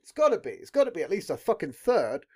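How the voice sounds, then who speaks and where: A man's voice: a little high, huge pitch swings, fast talker, slightly rough. A man hosting a podcast in a rambling casual chat, swearing constantly. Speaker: podcast host.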